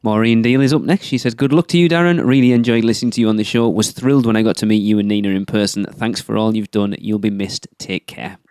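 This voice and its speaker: A man co-hosting a podcast, reading out listener messages and adding quick jokes. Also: lowish voice, steady tone, a little mellow, clear, resonant tone, no echo, studio quality. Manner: quick, joking asides. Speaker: podcast co-host.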